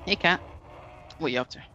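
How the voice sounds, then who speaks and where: A man's voice: takes it slowly, pushed and bright, muffled recording, slight background noise. A man playing a co-op game and chatting over a headset mic, blunt and profane, trading banter with his friends. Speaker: co-op game player. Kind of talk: casual gaming chat.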